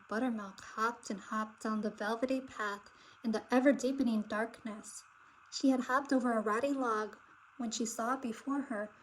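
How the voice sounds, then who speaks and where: A woman narrating a children's picture book aloud with expressive, dramatic delivery. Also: fairly high pitch, a little hiss or hum, low-quality recording. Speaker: storybook reader.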